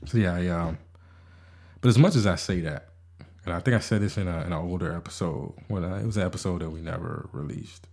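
Low-voiced rambling man on a podcast. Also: a little fast, darkish tone, breathy edge. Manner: rambling, stammering restarts, frequent swearing; self-deprecating, cynical. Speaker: podcast host. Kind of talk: casual podcast monologue.

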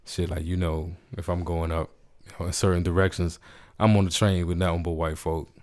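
A man from Washington, D.C. telling a story in casual, laid-back chat, profane and animated. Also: deep voice, fairly quick.

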